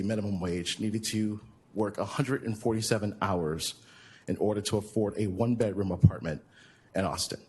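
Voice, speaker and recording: A man speaking as a music commissioner during public comment at a board meeting, polite and measured, with frequent hesitations. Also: on the low side, breathy edge.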